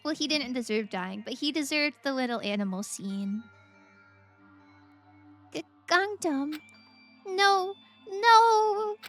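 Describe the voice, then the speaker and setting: A woman's voice: high-pitched, very animated, slow pace, pauses often, a bit bright. A woman streaming a video game who chats emotionally and giggles often. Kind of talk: let's play commentary. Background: faint game music.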